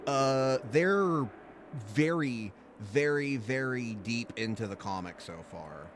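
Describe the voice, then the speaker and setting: A man's voice: medium pitch, animated, takes it slowly, slight background noise. A young man streaming a game, chatting casually, laughing often and swearing. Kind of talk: let's play commentary.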